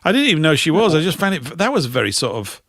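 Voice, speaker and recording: Wry man with lively pitch. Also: fast talker, dry recording. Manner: dry, wry commentary. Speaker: co-host. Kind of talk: casual chat.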